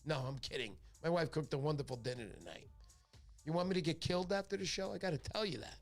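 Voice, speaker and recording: Middle-aged New host with a higher voice, jokes his way through rambling stories on a fishing stream, faint music behind. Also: fast. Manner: joking, rambling storyteller. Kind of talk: casual livestream chat.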